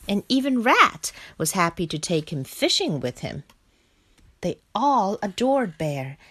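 A woman reading a children's picture book aloud, slow and expressive. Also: mid-range voice. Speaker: storyteller.

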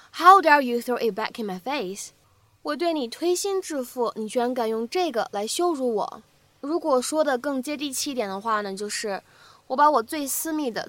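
A woman English teacher giving a spoken English lesson, cheerful and clear, repeating phrases as she explains them. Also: high-pitched, no room sound.

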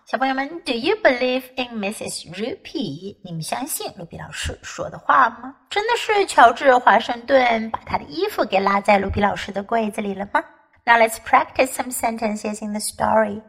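A woman with a high, bright voice reads a children's story aloud and turns it into an English lesson. She speaks clearly and patiently, repeating each phrase for young learners. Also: lively intonation, moderate pace, poor audio. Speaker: English teacher. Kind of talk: bilingual storybook reading and lesson.

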